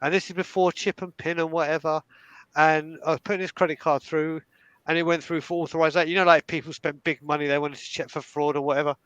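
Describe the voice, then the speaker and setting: A young man tells stories in an animated, casual way, often stumbling into restarts. His voice sits fairly high and sounds smooth and resonant. The sound is close and dry. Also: fast, no echo, highs cut off. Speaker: fan telling stories on a live stream. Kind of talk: casual storytelling.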